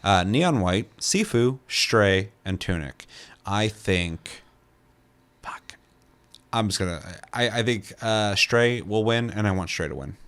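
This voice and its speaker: Rambling young man with a low voice. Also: lively intonation, measured pace, a bit bright, clean tone. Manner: loose, rambling, swears casually. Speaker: co-host. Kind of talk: casual podcast chat.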